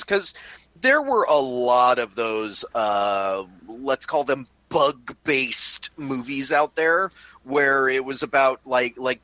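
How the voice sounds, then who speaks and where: Man, podcast co-host, slow talker, bright tense tone, dry close sound. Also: mid-range voice, dry recording. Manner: slow, hesitant, with many fillers. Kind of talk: casual podcast chat.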